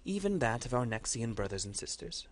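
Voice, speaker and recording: A man's voice: mid-range voice, big pitch swings, fairly quick, no echo. A man voicing a stern, imperious matriarch who rules her battle lords with cold command. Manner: commanding, cold, erupts into shouting.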